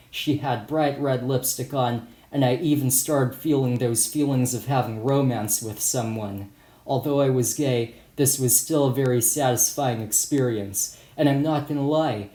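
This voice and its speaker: An author narrates his own first-person story as an audiobook, delivering it plainly and matter-of-factly. His voice is medium-pitched and warm, recorded with a roomy echo.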